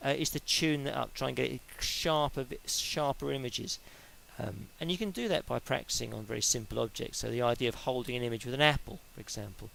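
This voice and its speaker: A middle-aged man talks through a sport psychology lecture in a relaxed, chatty way, laying out each step with homely examples. His voice has a gravelly, creaky edge and sits at an ordinary middle pitch. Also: a little fast, a little hiss or hum, rough recording. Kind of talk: informal spoken lecture.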